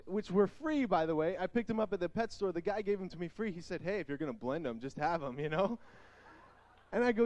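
A young man speaks to a youth crowd with animated storytelling, voicing the people in his tales. His voice sits high for a man, and the recording is dry and close. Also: dry recording. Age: young adult. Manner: animated storytelling, acts out quotes. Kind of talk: energetic youth sermon.

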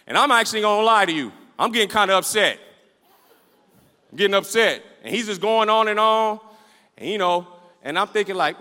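A male pastor preaching a sermon in an animated, repetitive style, calling out to the room and acting out his stories. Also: high voice, brisk. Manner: storytelling, acts out the scenes he describes. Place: church sanctuary with a livestream. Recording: echoey church hall.

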